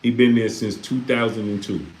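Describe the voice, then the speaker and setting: Man hosting a livestream, low voice, preachy and repetitive, echoey room. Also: fairly even intonation, normal speed, a little mellow. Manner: preachy, repeats himself, rhetorical questions. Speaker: live stream host reading Super Chats. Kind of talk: casual livestream talk.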